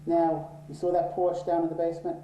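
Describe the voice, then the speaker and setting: A man telling a story in an interview, swearing freely and getting worked up and loud when angry. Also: fairly high pitch, completely flat delivery, brisk, slight background noise. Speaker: interviewee, office owner. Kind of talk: profane, animated storytelling in an interview. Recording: roomy echo.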